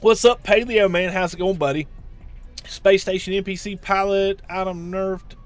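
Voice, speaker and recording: A man's voice: high-pitched, fairly even intonation, normal speed, no room sound, faint music behind. A man live streaming a video game, chatting casually and answering his viewers' chat with lots of restarts.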